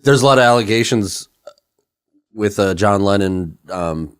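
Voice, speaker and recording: A man's voice: lowish voice, a little slow, clear, resonant tone. A man co-hosting a podcast in casual chat, laid-back with short reactions. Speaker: podcast co-host.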